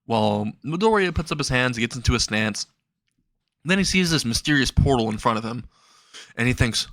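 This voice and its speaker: A man's voice: medium pitch, expressive, normal speed, a bit bright, no echo. Young male narrator, loose and rambling, dry close mic. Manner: casual, rambling, laughing asides. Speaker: fan fiction narrator. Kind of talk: casual storytelling.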